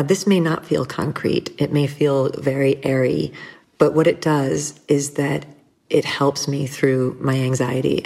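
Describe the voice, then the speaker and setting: A middle-aged woman speaking as an interview guest, earnest and reflective, with soft laughs and small restarts. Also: rumbling low.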